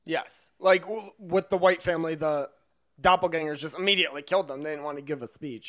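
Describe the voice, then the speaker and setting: A man's voice: a little high, steady tone, fast talker. Eager young man, dull lo-fi sound. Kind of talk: casual movie discussion.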